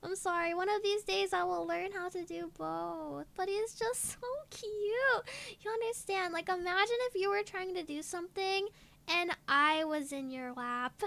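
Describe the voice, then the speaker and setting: A woman's voice: extremely high pitch, a little slow, gravelly, a bit bright. A young woman streaming as a VTuber, chatting casually with her viewers in a giggly, gushing way, stretching out her exclamations. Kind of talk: casual live-stream chat.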